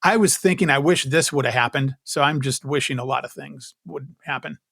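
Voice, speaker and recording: A man's voice: mid-range voice, a little fast, vocal fry, fairly bright tone, slightly rough, no echo, clean studio sound. A man co-hosting a podcast in casual chat, talking in long, emphatic, rambling runs. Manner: rambling, emphatic political talk. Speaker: podcast co-host.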